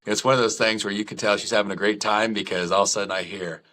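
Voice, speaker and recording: A middle-aged man chatting as a podcast guest with a bright, forceful voice that sits a little low. He tells his stories in a lively, candid way and pokes fun at himself. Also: quick pace, a little hiss or hum. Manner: lively storytelling, candid and self-deprecating. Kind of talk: casual chat.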